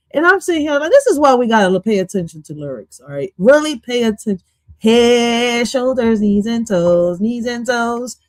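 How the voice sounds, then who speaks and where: A woman hosts a live reaction stream in a slightly high voice, loud and profane, laughing often as she talks. The sound is close and dry, with no room around it. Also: no room sound. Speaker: streamer host.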